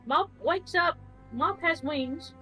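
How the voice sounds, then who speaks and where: A woman's voice: extremely high pitch, slow pace, bright, forceful tone, faint music behind, poor audio. A woman giving a rambling, casual recap of the last tabletop game session, full of restarts.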